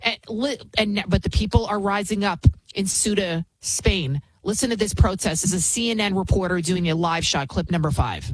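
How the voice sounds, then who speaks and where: A woman's voice: medium pitch, normal speed, slight background noise, rough recording. A woman hosting a commentary show, talking in a heated, emphatic and repetitive ranting manner while introducing clips. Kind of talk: opinionated commentary.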